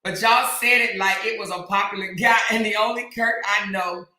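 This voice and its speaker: Host laughing to tears, echoey room. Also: female voice, medium pitch, fairly even intonation, normal speed, sharp tone. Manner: laughs hard, keeps breaking off mid-sentence; talks straight to her viewers with lots of slang. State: crying with laughter. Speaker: livestream host reading chat. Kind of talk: casual chat.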